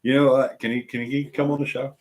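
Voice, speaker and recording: A man's voice: medium pitch, flat delivery, fast talker. An older man, hosting a paranormal live stream from home and chatting casually with viewers in a rambling, chuckling way. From Alabama. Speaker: paranormal show host. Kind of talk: casual livestream chat.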